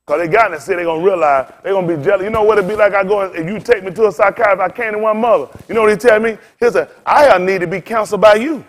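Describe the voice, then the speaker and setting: High-pitched and rapid-fire, barely pausing, a preacher in his fifties addresses his congregation. Weariness and frustration come through in his rhetorical questions, repeated phrases and sudden surges and dips in intensity.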